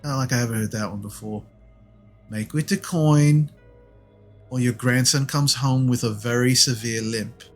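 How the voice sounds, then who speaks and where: A man's voice: medium pitch, moderate pace, soft background music, natural voice. A man voicing a corrupt male city guard who extorts coin with mock-polite threats. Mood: sneering.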